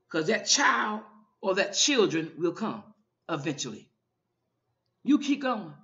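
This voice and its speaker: A woman's voice: sits low, a bit bright, dull audio. A woman minister giving an informal online sermon, fervent and often repeating her calls to the listener.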